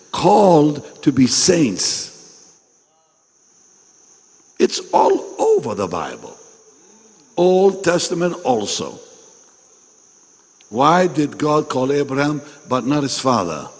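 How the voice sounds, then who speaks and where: A man preaches a sermon at a pastors' meeting, speaking emphatically, repeating phrases and putting questions straight to the audience. His voice is a little high and husky, and the large hall gives a long reverb.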